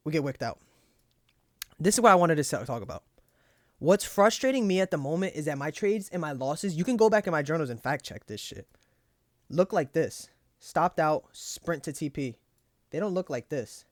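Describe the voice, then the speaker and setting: In a dry, clean studio recording, a young man with a high-ish, animated voice talks at normal speed while reviewing his trades for his trading journal. It's casual and profane, full of frustrated self-talk and self-encouragement.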